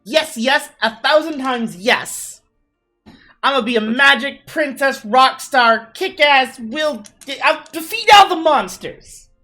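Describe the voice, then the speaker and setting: Gushing little girl, put on by a woman, high and squealing, tabletop game voice. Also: lively intonation, moderate pace, faint music behind, lightly acted. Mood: ecstatic. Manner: gushing, shrieking with glee. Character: excited little girl, eager to be a hero.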